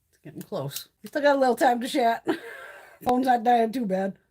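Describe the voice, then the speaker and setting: A woman's voice: a little high, moderate pace, a little mellow. A middle-aged woman from Connecticut, chatting casually on a live stream from her phone at home, telling rambling, profane stories. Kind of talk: casual chat. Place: home by a wood stove.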